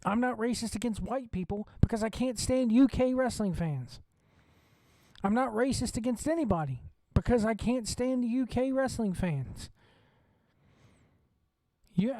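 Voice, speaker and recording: A man from the Southern United States hosts a wrestling watch-along, ranting bluntly and swearing freely in opinionated commentary. His voice is high and mellow, with no echo.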